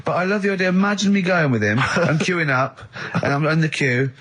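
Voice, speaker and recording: A man's voice: on the high side, a little fast, a bit bright. A man hosting a comic radio show, playfully telling stories and slipping into silly voices. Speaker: radio host. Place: radio studio.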